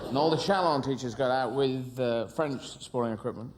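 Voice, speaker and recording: A man's voice: mid-range voice, moderate pace. A man doing a rambling, whimsical stand-up routine with playful voices. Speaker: stand-up comedian. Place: large theatre stage. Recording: live hall with loud audience noise.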